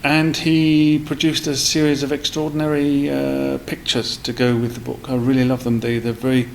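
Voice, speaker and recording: Gravelly-voiced man telling stories. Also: medium pitch, level tone, normal speed, slight background noise, rough recording. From South East London. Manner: rambling, with many fillers and restarts. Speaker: guest. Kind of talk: casual storytelling in a podcast interview.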